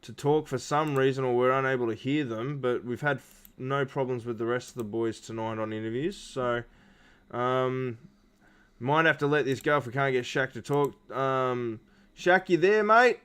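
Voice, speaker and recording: A man's voice: mid-range voice, fairly even intonation, moderate pace, fairly bright tone, clean tone. A man hosting post-race interviews on a live stream, rambling with lots of fillers and restarts. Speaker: stream host.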